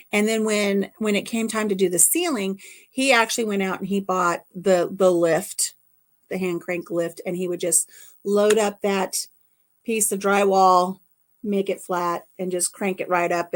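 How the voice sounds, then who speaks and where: A middle-aged American woman chatting casually with her viewers, telling a long rambling story and repeating her phrases. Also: medium pitch. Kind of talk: casual chat.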